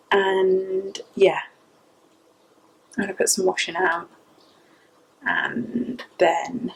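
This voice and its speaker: A young English woman chats to camera as a new mum, rambling along and now and then dropping to a whisper. Her voice has a gravelly edge. It is a home recording with plenty of noise behind it. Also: medium pitch, low-quality recording. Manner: chatty, rambling, often drops to a whisper. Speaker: vlogger, first-time mum. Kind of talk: casual chat to camera.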